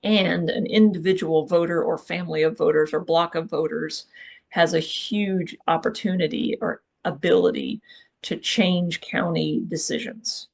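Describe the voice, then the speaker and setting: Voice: mid-range voice, steady tone, a little slow, vocal fry. A workshop speaker giving a live public talk, direct and urging, who often checks in with the audience.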